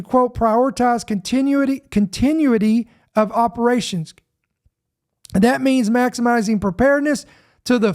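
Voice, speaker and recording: A man from Georgia, hosting a podcast and reading news headlines aloud. He talks emphatically, slows down to stress certain words and often repeats himself mid-sentence. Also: very high-pitched, darkish tone. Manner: repeats himself, self-interrupting. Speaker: podcast host.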